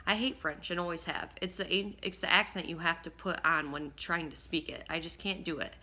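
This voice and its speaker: A woman narrating a first-person audiobook in a lively, expressive way, now and then slipping and rereading a line. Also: lowish voice, brisk. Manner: lively, expressive reading with occasional slips and rereads.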